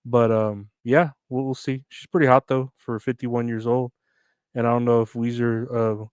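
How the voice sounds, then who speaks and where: A man's voice: medium pitch, little pitch movement, moderate pace, a little mellow, clean tone, no room sound, studio quality. A man hosting a solo comedy podcast, rambling casually, reading news aloud and riffing on it with crude jokes. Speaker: podcast host.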